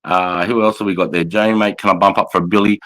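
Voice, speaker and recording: A man's voice: low voice, steady tone, quick pace, fairly bright tone, no echo, rough recording. A man with an Australian accent hosting a casual livestream chat, rambling and swearing freely, calling everyone mate. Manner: rambling, heavily profane, says mate constantly. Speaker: livestream host and military veteran. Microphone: phone.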